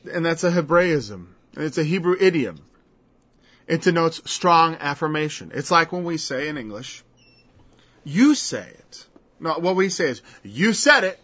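A man teaching scripture in a relaxed, conversational sermon, with a voice a little above the usual male range. He keeps slipping into the voices of the people he quotes. The recording sounds dull and lo-fi. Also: fairly high pitch, normal speed. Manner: conversational, acts out quoted speakers in changed voices. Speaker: preacher. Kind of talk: verse-by-verse Bible teaching.

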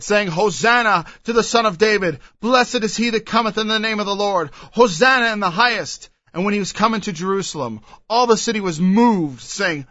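A man's voice: high-pitched, sharp tone, dry recording, muffled recording. A man preaching a Bible sermon, reading verses aloud and then explaining them with emphatic asides.

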